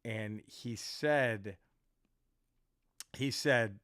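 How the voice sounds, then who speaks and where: A male comedian and podcast host telling an animated, profane story in casual chat. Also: mid-range voice, drawn-out words, no room sound, studio quality.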